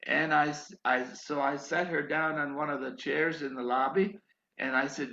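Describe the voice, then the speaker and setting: An older man preaching a sermon, telling his own story in a slow, drawn-out, emphatic way. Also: on the high side, fairly even intonation, creaky, pushed and bright. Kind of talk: sermon with personal testimony. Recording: echoey, dull lo-fi recording.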